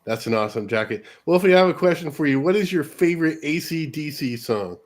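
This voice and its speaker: A man's voice: a little high, animated, quick pace. A man from California hosting a radio show, chatting casually and enthusiastically and laughing easily. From California, USA.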